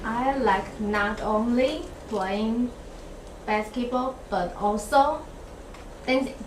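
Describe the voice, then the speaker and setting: Woman, trainee teacher, hesitant, very slow, echoey classroom, distant from mic. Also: on the high side. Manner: hesitant, slow practice sentences. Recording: echoey classroom from far off with faint noise.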